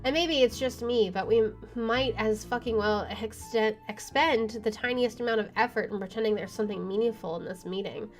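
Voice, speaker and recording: A woman's voice: on the high side, brisk, few pauses. Wry woman reading a visual novel. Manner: wry asides with swearing. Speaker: streamer. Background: game music.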